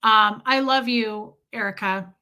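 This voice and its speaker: A woman's voice: on the high side, measured pace, sharp tone, clear, resonant tone. A woman hosting a livestream and telling a candid, rambling personal story to her chat. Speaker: livestream host. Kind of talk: casual storytelling to live chat.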